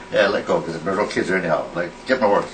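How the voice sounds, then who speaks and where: Speaking briskly in a low voice, a man improvises the role of a crude uncle who blusters and curses heavily at a teacher. The sketch was captured in an echoey, distant, noisy amateur recording.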